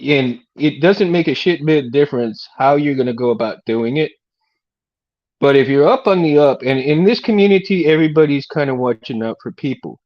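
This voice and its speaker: The audio is dull as a Texan man in middle age runs a relaxed livestream, his voice a little high and animated at a moderate pace. He laughs frequently, wanders in his talk and keeps addressing people as "man" and "dude."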